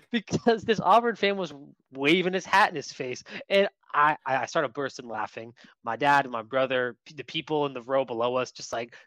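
A man co-hosting a casual sports podcast, telling lively stories about what he saw at a game. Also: mid-range voice, moderate pace, no room sound. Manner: lively anecdotal storyteller. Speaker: podcast co-host.

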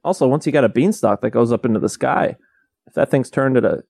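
A man in casual chat, quipping with wry, deadpan questions. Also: mid-range voice, fast, gravelly, no echo, studio quality. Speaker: podcast co-host.

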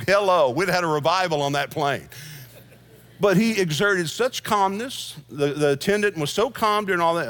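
A man's voice: fairly high pitch, animated, normal speed, a bit bright. A middle-aged man, a senior pastor preaching a sermon in a conversational storytelling way, with asides and easy laughs.

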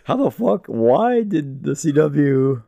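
A man's voice: fairly high pitch, very animated, slow, vocal fry, warm tone, no room sound, studio quality. A young man co-hosting a podcast, chatting casually with wry, profane asides. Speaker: podcast co-host. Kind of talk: casual chat.

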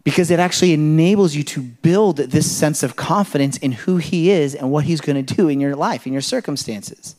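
A man preaching a sermon in a conversational, animated way, full of rhetorical questions and illustrations from his home life. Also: a little high, moderate pace, few pauses. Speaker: pastor.

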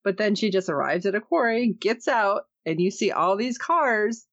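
A woman's voice: mid-range voice, dry recording. Woman podcast host, casual and jokey, voice jumps all over, dry kinda muffled audio. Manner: animated, joking, quick to laugh. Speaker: podcast host recapping a TV episode. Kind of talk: casual chat. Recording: slightly dull, dry sound.

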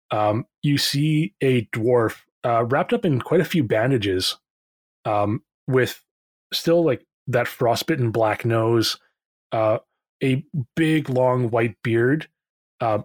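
A man narrating a tabletop game as game master, relaxed and rambling with fillers. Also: medium pitch, dry recording.

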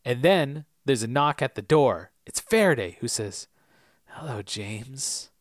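A lively man with a pitch that swings all over as he chats through a recap of an episode. He slips in and out of goofy impressions of the characters. The sound is close and dry. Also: moderate pace, no room sound. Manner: animated, acts out characters in silly voices. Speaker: podcast co-host. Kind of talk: casual recap chat.

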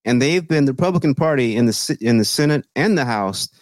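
A man's voice: mid-range voice, animated, fast talker, dry recording. Profane sarcastic man talking politics. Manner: profane, sarcastic, mocking quoted voices. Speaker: podcast co-host. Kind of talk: casual political chat.

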